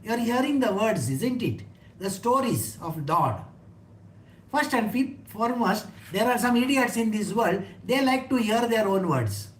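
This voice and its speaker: A woman with a somewhat high voice talks through scripture in a loose, conversational way. She keeps turning to her listeners with questions and laughs easily. The room around her is echoey. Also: very animated, unhurried, a little hiss or hum. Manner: chatty, asks listeners questions, laughs often. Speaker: spiritual teacher. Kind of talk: informal scripture talk.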